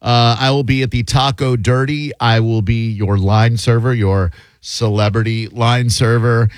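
A man's voice: medium pitch, steady tone, clean tone, dry recording. Blunt, mocking male radio host. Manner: blunt, mocking, quick to insult callers. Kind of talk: brash call-in radio banter.

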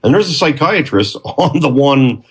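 Husky-voiced man telling a story. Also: mid-range voice, moderate pace. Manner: animated storyteller, quotes others' words. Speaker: guest. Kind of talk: storytelling interview.

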